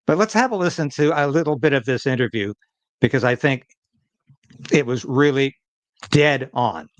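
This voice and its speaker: A male host delivers political commentary in an emphatic, chatty way. His voice is mid-pitched and close, with a dry, dead sound. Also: lively intonation, moderate pace, no room sound. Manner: emphatic, conversational.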